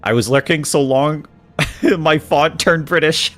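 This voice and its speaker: A man's voice: on the high side, sing-song, very slow, a bit bright, soft background music. A man streaming a video game, joking with chat, laughing often and reading the game's dialogue aloud. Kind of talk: casual gaming stream commentary.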